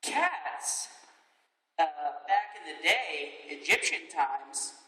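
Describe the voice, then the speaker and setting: Man, teasing banter, lively pitch, echoey hall, loud noise. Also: slow pace. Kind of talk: casual banter. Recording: echoey hall from far off, noisy.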